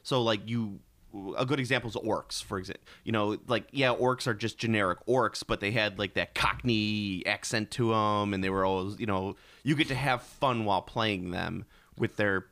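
A man's voice: on the low side, moderate pace, a bit bright, no echo. A man in casual chat who stumbles and repeats words as he talks.

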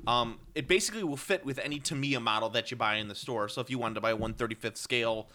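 A man co-hosts a casual podcast chat in a medium-pitched, pushed, bright voice at a quick pace. He rambles with ums and self-corrections while cracking wry jokes.

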